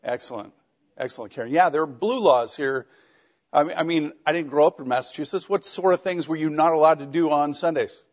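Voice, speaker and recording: A middle-aged man leads a classroom discussion in a relaxed, joking lecture style, his voice sitting a little high. The recording is dull and lo-fi, as if captured on a basic mic in the room. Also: a little fast. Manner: conversational, wry and joking. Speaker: teacher.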